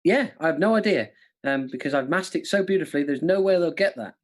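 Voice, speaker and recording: A man runs a live quiz night with a playful, self-mocking manner. His voice swings widely in pitch, and he often laughs at his own jokes. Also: expressive, fast. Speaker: quiz host. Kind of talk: live-streamed quiz hosting with jokey impressions. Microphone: studio mic with monitors.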